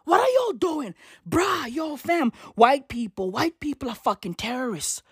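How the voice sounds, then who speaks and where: A woman rants for comedy in a high voice that leaps all over. She is loud, profane and emphatic, taking her time and throwing in slang. The sound is dry and close. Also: lively intonation, measured pace, dry recording. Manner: heavy use of slang asides. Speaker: commentator. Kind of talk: comedic rant to camera.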